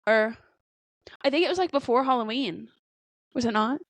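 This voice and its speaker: A woman's voice: a little high, expressive, normal speed, dry recording. Rambling, profane woman chatting. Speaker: podcast co-host. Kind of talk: casual chat.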